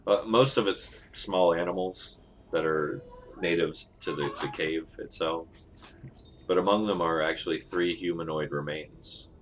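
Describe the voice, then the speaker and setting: A man narrating as game master of a tabletop game, relaxed and laughing often, with many ums. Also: sits low, unhurried, a little hiss or hum.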